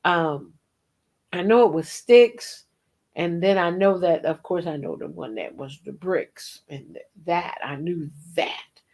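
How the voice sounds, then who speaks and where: A woman's voice: fairly low pitch, a little mellow. A middle-aged woman hosting a devotional program, teaching earnestly and breaking into bits of song. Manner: slow, earnest, sings snatches of hymns. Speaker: host and Christian singer.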